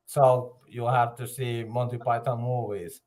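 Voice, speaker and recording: A man in a casual voice chat, talking haltingly with many pauses and fillers, joking along. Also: mid-range voice, level tone, a little mellow.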